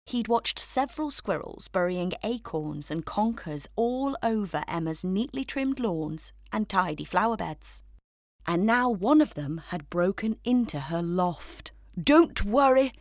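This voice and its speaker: A woman narrating a children's story in a gentle, measured way. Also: fairly low pitch, no echo, clean studio sound.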